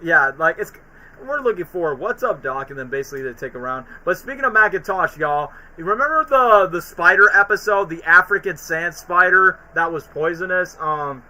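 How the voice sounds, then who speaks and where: A man's voice: high-pitched, expressive, moderate pace, pushed and bright, low-quality recording. A man chatting casually on a stream, rambling about cartoons with lots of fillers. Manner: rambling, often sings and acts out cartoon lines. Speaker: streamer host.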